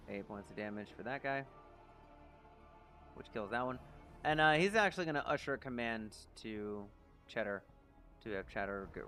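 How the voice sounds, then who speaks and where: A man narrating a tabletop game as game master, in a relaxed, rambling way. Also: lowish voice.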